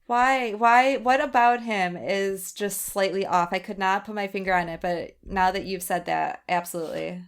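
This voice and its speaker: A woman's voice: medium pitch, moderate pace, few pauses, clear, resonant tone. A woman co-hosting a casual film podcast, thinking aloud with hesitant restarts. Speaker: podcast co-host.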